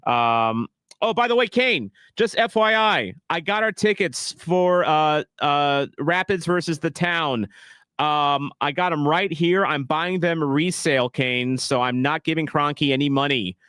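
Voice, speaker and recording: A man's voice: a little high, a little slow, fairly bright tone, smooth, no room sound, studio quality. A man casually calling a soccer match on a live stream, rambling and joking at his own expense. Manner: rambling, jokey, self-deprecating. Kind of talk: casual live play-by-play reaction.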